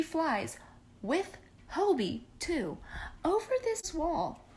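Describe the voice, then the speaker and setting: A woman's voice: high-pitched, very animated, very slow, darkish tone. Sarcastic, foul-mouthed young woman. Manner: sarcastic, profane, rambling. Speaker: vlogger. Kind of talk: casual movie recap.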